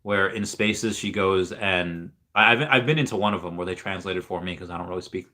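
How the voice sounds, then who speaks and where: A young man hosts a relaxed livestream, rambling cheerfully and answering viewer comments as they come in. His voice sits low but sounds bright and forward. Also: a little fast. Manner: rambling, upbeat, reads viewer comments aloud. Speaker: livestream host reading chat. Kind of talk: casual livestream chat.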